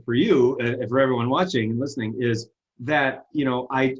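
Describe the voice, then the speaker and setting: In a relaxed video-call interview, a success coach shares earnest, self-deprecating stories full of animated retellings. His medium-pitched voice is slightly rough, and the sound is lo-fi.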